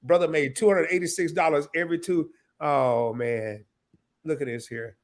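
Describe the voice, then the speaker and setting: Live-stream host, man in his fifties, a bit high-voiced, sniffling, rambling with lots of restarts. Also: normal speed. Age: 50s. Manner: emotional, rambling, stammering with restarts. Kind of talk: casual live stream chat.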